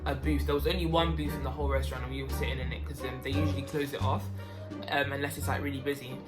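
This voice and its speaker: Young woman, low voice, animated, casual vlog storytelling, music underneath. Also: racing. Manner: animated, swings into loud high outbursts. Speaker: waitress telling a story. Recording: music playing behind.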